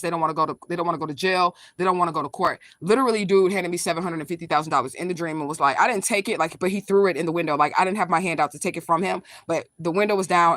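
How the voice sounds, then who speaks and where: Rapid-fire, profane spiritual vlogger. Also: medium pitch, sharp tone, no echo, studio quality. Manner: blunt, profane, emphatic retelling; talks straight to viewers, reacts to live comments. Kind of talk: casual livestream storytelling.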